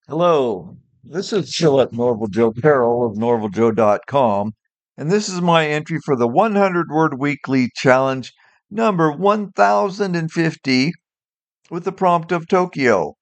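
A man, the show's host and writer, reading his own short story aloud in a friendly, steady way. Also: fairly high pitch, unhurried.

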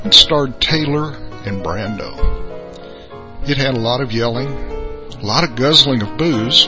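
Man reading a short story, slow and folksy, music underneath. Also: mid-range voice, dull audio. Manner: folksy, unhurried. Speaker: podcast contributor.

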